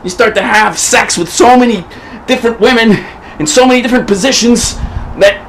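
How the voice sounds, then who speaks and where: Manic, profane high-voiced man ranting. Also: brisk, slight background noise, rough recording. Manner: manic, profane, often shouting. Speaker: performer of an improvised comedy monologue. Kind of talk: profane improvised rant. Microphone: camera.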